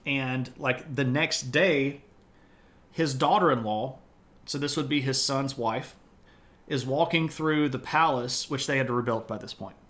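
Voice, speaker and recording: A man's voice: mid-range voice, a little slow, a bit bright. Wry casual man telling history. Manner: loose, conversational, wry asides. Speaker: history streamer. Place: home streaming setup.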